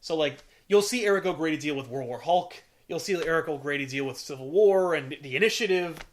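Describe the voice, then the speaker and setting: A man's voice: a little high, expressive, a little fast. A man hosting a casual chat, recapping a comic story in a rambling, profane way with lots of fillers. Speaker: podcast host.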